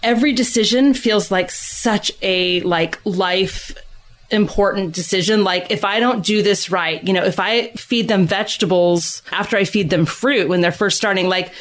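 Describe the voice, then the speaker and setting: A middle-aged woman, a guest author, chatting in a casual podcast interview, animated and full of fillers. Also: mid-range voice, moderate pace. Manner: chatty and animated, many fillers, laughs easily. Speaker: guest author of a parenting book.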